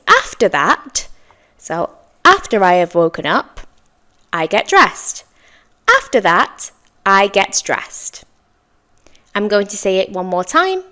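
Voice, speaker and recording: Woman, English teacher, slow careful pace, lively intonation, encouraging drills. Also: mid-range voice. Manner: encouraging, enunciates model sentences slowly. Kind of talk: slow, clear language lesson with repeat-after-me drills.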